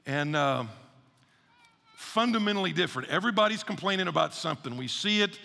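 A male pastor preaching a casual, energetic sermon, repeating phrases for emphasis. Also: sits high, brisk, creaky. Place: church sanctuary. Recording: long reverb of a large church hall.

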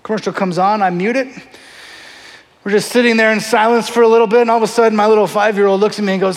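A middle-aged man, a pastor, telling a story in a sermon with lively, animated delivery, often acting out voices. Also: high-pitched, fairly quick. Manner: animated, acts out voices in his stories. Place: large church hall. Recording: long hall reverb.

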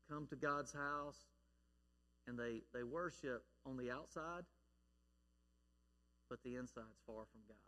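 A man preaching a sermon in an emphatic delivery that swings between hushed, quiet lines and loud, forceful ones. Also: mid-range voice, long reverb tail. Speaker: pastor.

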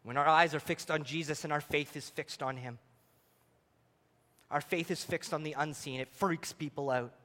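A man preaching a sermon as pastor, swinging between near-shouted exclamations and quiet, hushed passages. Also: a little high, steady tone, normal speed, long reverb tail.

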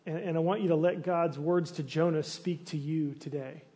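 Preaching in a relaxed, conversational style, this pastor speaks at normal speed in a slightly rough voice that sits a little high for a man. He asks listeners searching questions, restarts phrases and uses fillers, and becomes animated acting out complaints.

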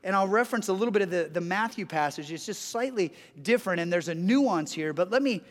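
A man's voice: high voice, expressive, fast talker. A man preaching a sermon as pastor, telling stories earnestly with frequent restarts. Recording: long hall reverb.

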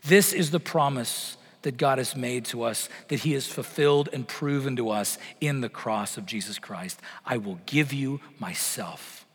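A middle-aged man preaching a sermon, swelling loud on promises and sinking to a near-whisper at the ends of phrases. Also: mid-range voice, normal speed, hardly any pauses, slightly rough. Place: church sanctuary. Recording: long church reverb.

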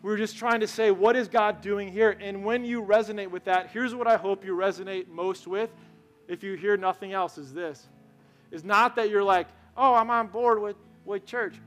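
High-voiced man preaching casually. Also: moderate pace, a bit bright, soft background music. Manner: conversational, storytelling, asks the crowd questions. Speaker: pastor. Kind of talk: sermon. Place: church sanctuary.

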